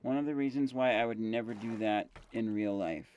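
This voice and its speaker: A man's voice: fairly low pitch, fairly quick, a little mellow, muffled recording, a little hiss or hum. A man casually commentating his game stream, thinking aloud with fillers and self-corrections while chewing gum.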